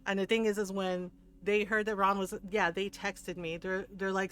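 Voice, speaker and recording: A woman's voice: medium pitch, fairly even intonation, moderate pace, hardly any pauses, fairly bright tone. A woman streamer chatting casually while she plays, rambling and earnest, with laughs between phrases. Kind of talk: casual chat while gaming.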